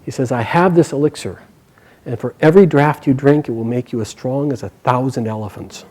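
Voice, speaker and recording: A man telling an old epic in a relaxed, conversational way. His voice swings between quick, raised bursts of excitement and low, hushed asides when he quotes the characters. He often restarts phrases as he builds the tale. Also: low-quality recording. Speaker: storyteller. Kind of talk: casual oral storytelling.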